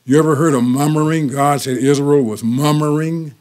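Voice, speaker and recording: A man's voice: on the high side, steady tone, normal speed, darkish tone. An older man preaching a sermon, telling folksy everyday stories and repeating key phrases for emphasis. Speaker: pastor.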